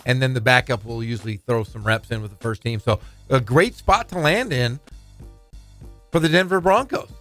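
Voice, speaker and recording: A man's voice: medium pitch, moderate pace, a bit bright, faint music behind. A man co-hosting a sports radio show, talkative and telling stories from the studio. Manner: storytelling, talkative. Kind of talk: casual sports radio chat.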